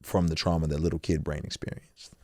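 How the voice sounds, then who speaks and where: A man's voice: a bass voice, flat delivery, fast talker, warm tone, no echo, studio quality. A man talking candidly as an interview guest, earnest and emotional, often quoting his own thoughts and restarting his phrases. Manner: loose, repeating words and restarting phrases. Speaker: podcast guest, rapper.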